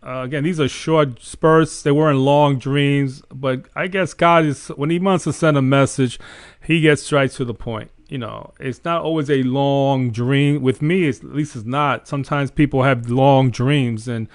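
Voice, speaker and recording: A man's voice: medium pitch, dry recording, studio quality. A man hosting a faith show, telling a dream story in an earnest, casual way. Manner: earnest storytelling, animated retelling. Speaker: host. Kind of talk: casual testimony.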